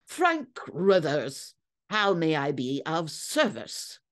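A woman's voice: sits low, big pitch swings, takes it slowly, exaggerated voice. A woman voicing a cocky, defiant young man in a dramatic story reading. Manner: swaggering, defiant.

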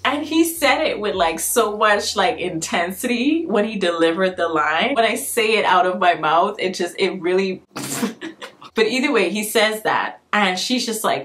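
A woman's voice: mid-range voice, expressive, unhurried, a bit bright. A Bahamian-accented woman in her twenties, chatting animatedly as a vlogger and acting out quotes in voices. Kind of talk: casual commentary.

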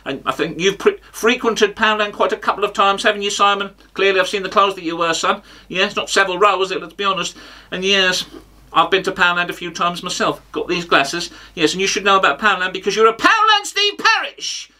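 A brash, self-important football pundit, put on by a man in a comedy sketch, hurling pompous insults. The voice is high and very sharp. It sits a little away from the microphone. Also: brisk, far from the mic. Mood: mocking. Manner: pompous, insult-heavy mock bravado.

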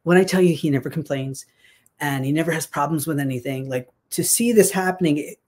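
A woman telling a personal story in a casual, chatty way, animated and full of fillers and restarts. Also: low voice, a little fast, breathy edge. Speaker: guest sharing a success story.

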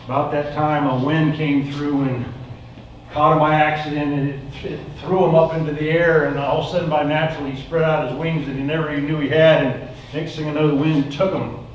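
A man telling a folksy parable as part of a sermon, in an animated, casual way. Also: on the high side, slight background noise. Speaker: preacher. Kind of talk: sermon storytelling. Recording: echoey room, mic far off.

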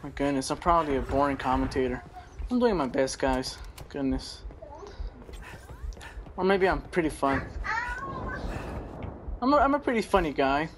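A young man giving rambling, excitable live commentary while he plays a shooter game, swearing now and then. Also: fairly high pitch, normal speed, long pauses, a little hiss or hum. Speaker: gaming channel host.

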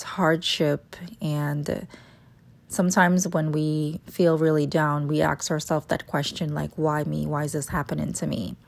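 Low, gravelly Jamaican woman vlogging. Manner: relaxed, chatty, explaining routine step by step. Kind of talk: casual vlog narration. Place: home kitchen.

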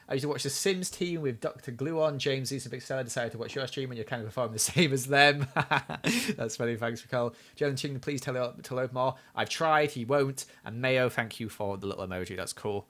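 Bright-voiced man streaming a game. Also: mid-range voice. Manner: chatty, self-critical, flares up at near misses. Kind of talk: live gameplay commentary.

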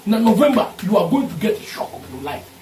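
A man with a Ghanaian accent speaks in a high, forceful voice, hammering each point home with repetition. His rant is caught from some distance in a boomy, reverberant room with a faint hum of ambience behind him. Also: sing-song, quick pace. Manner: forceful, repeats lines for emphasis, mixes English and Twi. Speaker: party supporter. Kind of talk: heated political rant.

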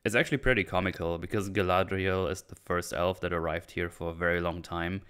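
Sarcastic low-voiced man recapping. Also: steady tone, a little fast, fairly bright tone, clear, resonant tone. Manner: sarcastic, irreverent, mocking plot holes. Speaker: channel host reviewing a series. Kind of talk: casual recap commentary.

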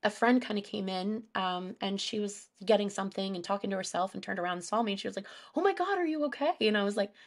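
A woman's voice: mid-range voice, level tone, fast, few pauses. A woman, a guest animal behaviorist, talking candidly in a casual podcast conversation, telling stories with lots of fillers. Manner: candid, storytelling, many fillers.

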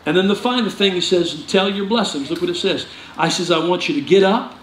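Male pastor, high voice, lively joking sermon, echoey sanctuary, faint room noise. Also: a little fast. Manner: animated, jokey preaching with sudden loud outbursts. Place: church sanctuary.

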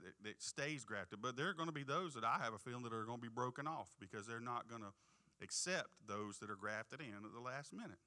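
Bright-voiced preacher man. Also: mid-range voice. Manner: reads scripture slowly and emphatically, calls out "Amen?". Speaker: pastor. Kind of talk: sermon with scripture reading. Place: church sanctuary.

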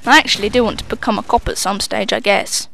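A woman's voice: mid-range voice, steady tone, quick pace, creaky, fairly bright tone, dry recording. A young woman giving live gameplay commentary, swearing freely and mocking herself as she plays. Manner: sweary, self-mocking running banter. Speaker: gamer commentator.

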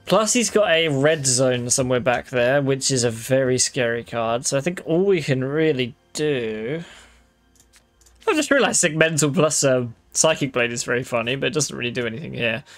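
A man's voice: mid-range voice, lively intonation, normal speed, soft background music. A man giving casual, wry commentary on his own gameplay, swearing freely and talking straight to his viewers. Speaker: gaming video creator.

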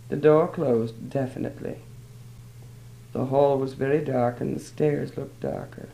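Gravelly man narrating a story. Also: medium pitch, darkish tone, low-quality recording.

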